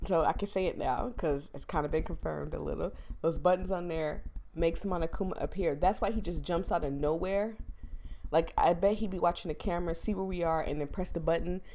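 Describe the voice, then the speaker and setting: A woman's voice: on the low side, fairly quick, dark tone, slight background noise. A woman gaming YouTuber with a cold, chatting to her viewers in let's play commentary. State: has a cold. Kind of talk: let's play commentary and reading game text aloud.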